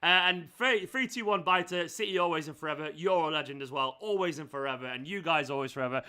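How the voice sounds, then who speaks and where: High, bright-voiced young man. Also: quick pace, clean tone. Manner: gushing, heartfelt, rambling. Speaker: fan channel host. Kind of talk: emotional live stream chat.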